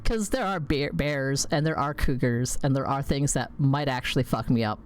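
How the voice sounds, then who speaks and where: A woman's voice: extremely low pitch, moderate pace, slight background noise. A woman streaming a game, chatting casually in a rambling way, swearing freely and laughing at herself. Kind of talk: casual chat while playing a game.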